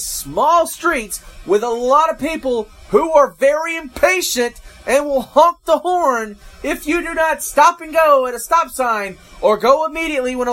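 A man's voice: extremely high pitch, a bit bright. A man from Georgia, hosting a casual food review and chatting to viewers as folks and guys. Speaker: food reviewer, show host.

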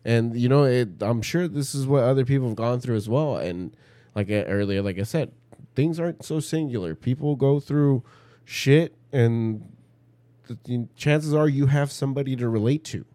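A man's voice: mid-range voice, normal speed, warm tone, no room sound. Profane heated man telling a story. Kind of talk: casual chat.

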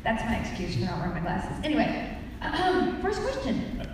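A woman's voice: fairly high pitch, wildly swooping pitch, normal speed. A woman guest chatting casually and self-deprecatingly with a live convention audience, rambling and joking. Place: large convention hall. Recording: roomy hall mic from a distance with crowd. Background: audience crowd noise.

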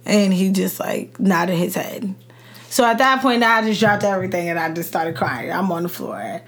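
A woman's voice: fairly low pitch, normal speed. A woman, a podcast guest, telling a personal story in casual chat and acting out the lines of the people in it. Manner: animated retelling, acts out quoted dialogue.

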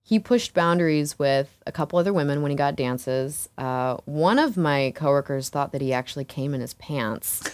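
A low-voiced woman, an exotic dancer appearing as an interview guest, tells a story frankly and casually at normal speed with hardly any pauses. She swears, laughs often, and leans on fillers like "like" and "you know."

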